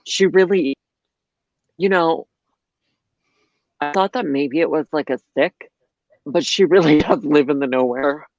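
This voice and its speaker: A man co-hosting a casual chat show, making wry, deadpan quips. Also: a little high, unhurried, pauses often, no echo. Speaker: podcast co-host. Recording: dry dull lo-fi audio.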